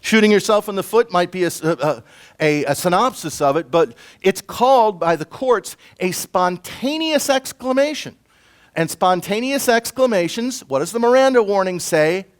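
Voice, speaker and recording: A middle-aged man with a fairly high voice gives a conference presentation. He lectures in a lively, conversational way, turning to the audience with asides and quick questions. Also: smooth. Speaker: self-defense instructor. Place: conference room.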